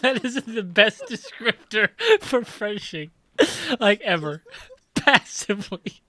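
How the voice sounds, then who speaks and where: A man's voice: sits high, expressive, slow, sharp tone, no room sound. A man chimes in with casual, wry remarks and chuckles during a group reading. The sound is dry and close, with no room around it. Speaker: group reader. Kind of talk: casual joking commentary.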